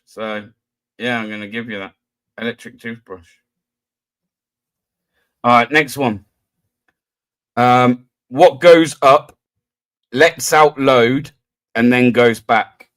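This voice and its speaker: A British man hosting a casual livestream quiz, who laughs often, swears freely and reads riddles out slowly. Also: medium pitch, a bit bright, no echo. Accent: British English.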